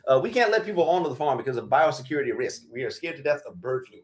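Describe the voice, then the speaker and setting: A man's voice: mid-range voice, expressive, racing, few pauses, faint music behind. A man hosting a casual livestream Q&A about his farm, blunt and profane, laughing as he tells stories. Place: farm in Virginia.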